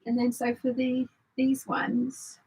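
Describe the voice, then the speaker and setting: A woman's voice: high voice, monotone, slow, gravelly, dark tone, husky, rough recording. A woman hosting a casual sewing live stream, chatting and rambling as she thinks aloud and answering viewer comments. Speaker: sewing channel host.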